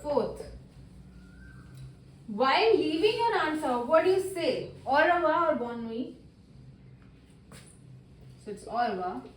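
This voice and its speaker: A woman's voice: high-pitched, sing-song, slow, pauses often, distant mic, slight background noise. A woman teaching beginner French, patiently walking through worksheet answers and repeating each one, with slightly non-native English phrasing. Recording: roomy echo, voice a little off-mic.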